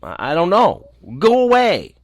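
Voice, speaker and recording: A man's voice: on the low side, wildly swooping pitch, moderate pace, fairly bright tone, no room sound, studio quality, heavily acted. A man voicing a shy, frightened small girl who stammers in a storybook. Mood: timid. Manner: timid, hesitant.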